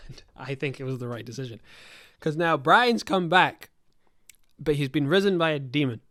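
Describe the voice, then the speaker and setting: Animated and somewhat high-voiced, this young podcast host speaks at a moderate pace with a slightly bright tone on a dry recording. He's the game master, telling a rambling, profane tabletop story packed with self-corrections.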